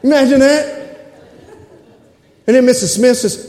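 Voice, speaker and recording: A man preaching a sermon as pastor in a church, excitable and calling out for amens from the congregation. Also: high-pitched, moderate pace, a crowd in the background, background noise. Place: church sanctuary. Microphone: stage microphones. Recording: echoey church hall.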